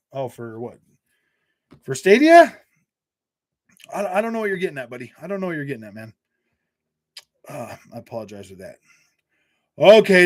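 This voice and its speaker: A man hosting a casual gaming live stream, reading and answering viewer comments with jokes, laughter and lots of restarts. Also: sits high. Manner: chatty, joking, many restarts and fillers; laughs often. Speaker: gaming channel host reading live chat.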